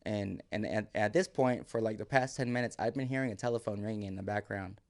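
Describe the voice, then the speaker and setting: A man on a podcast telling a long personal story in a relaxed, vivid way, swearing and acting out the people in it. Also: fairly low pitch, fast, gravelly. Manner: vivid, swearing, re-enacts quotes. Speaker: podcast guest. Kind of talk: casual storytelling.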